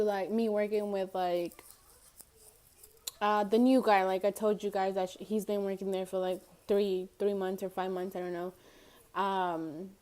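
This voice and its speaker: A young woman vlogger telling a casual storytime, rambling with lots of fillers and giggling between thoughts. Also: medium pitch.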